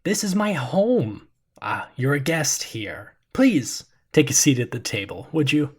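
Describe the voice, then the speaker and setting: A man's voice: on the high side, sing-song, unhurried, breathy edge, exaggerated voice. A man voicing a friendly suburban father in a tabletop role-play, affable and chatty with sudden intense turns.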